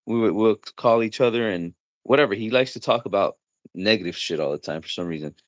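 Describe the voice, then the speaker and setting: A man's voice: lowish voice, fast talker, dry recording. A man hosting a casual livestream chat, joking around, laughing things off and acting out the voices of people he quotes. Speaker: livestream host.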